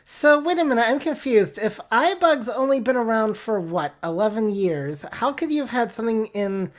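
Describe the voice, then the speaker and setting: A woman's voice: a little high, expressive, moderate pace. A woman participant asking quizzical, joking questions in an online meetup.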